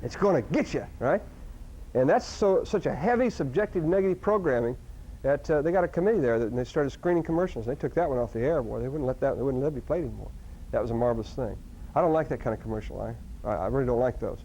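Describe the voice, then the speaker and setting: A man giving a live seminar talk to an audience, animated, with sudden loud outbursts and frequent restarts. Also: mid-range voice, fast talker, a little hiss or hum. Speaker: seminar speaker. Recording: dull lo-fi recording.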